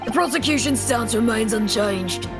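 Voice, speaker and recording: A woman reading courtroom dialogue from a game aloud in a measured, formal way. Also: fairly high pitch, loud music behind the voice.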